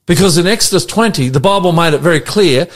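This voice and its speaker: A man's voice: a little high, lively intonation, fast. An Australian pastor leading a conversational Bible study, animatedly quizzing his co-host with questions.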